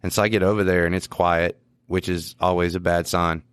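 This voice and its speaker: A police officer chats casually on a podcast, laughing as he tells animated work stories and quotes the voices of people involved. His voice sits low and is clear and resonant, his pace brisk, with no echo.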